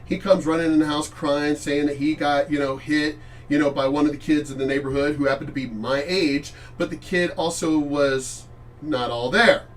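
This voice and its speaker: A middle-aged man gives casual reaction commentary in a high voice, blunt and full of swearing. He rambles and restarts his sentences. He sits some distance from the mic. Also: fairly even intonation, normal speed, slight background noise. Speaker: channel host reacting to clips.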